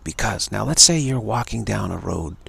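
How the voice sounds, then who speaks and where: A man's voice: fairly low pitch, expressive, moderate pace, creaky, fairly bright tone, slightly rough. A man giving an earnest spiritual talk on a livestream, emphatic and repeating his key points. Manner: earnest, emphatic, given to repetition. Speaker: spiritual speaker.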